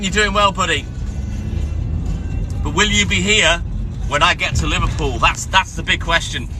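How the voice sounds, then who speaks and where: Hoarse man chatting on a livestream. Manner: keeping his voice calm and low, chatting to viewers. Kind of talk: casual live-stream chat. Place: inside his van.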